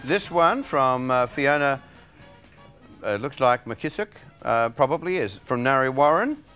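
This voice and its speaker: A man's voice: mid-range voice, expressive, a little slow, a bit bright, clean tone, soft background music. A man hosting a live variety show, casually reading viewer letters with chatty, playful asides and chuckles. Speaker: host.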